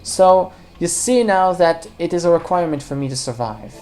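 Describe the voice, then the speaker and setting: A woman's voice: lowish voice, expressive, moderate pace, darkish tone. A woman casually commenting on a puzzle game as she plays, rambling and joking, talking to the viewers and the game characters. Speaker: let's play commentator.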